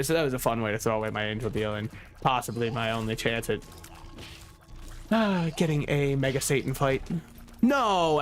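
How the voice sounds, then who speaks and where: A man's voice: fairly high pitch, a bit bright. A man streaming a video game, rambling and joking with frequent swearing. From United States. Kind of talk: casual gameplay commentary.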